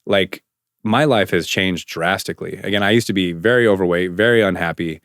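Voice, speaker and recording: A man's voice: low-pitched, brisk, a bit bright, no echo, clean studio sound. A man hosting a podcast, speaking in an earnest, emphatic way. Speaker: podcast host. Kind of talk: conversational podcast interview.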